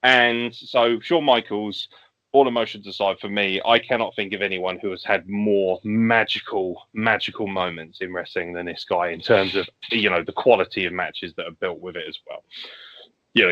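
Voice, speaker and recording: Lo-fi man telling wrestling stories. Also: low voice. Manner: animated storyteller acting out wrestler promos. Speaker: podcast guest. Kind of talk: casual podcast chat, fantasy wrestling booking. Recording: lo-fi podcast audio.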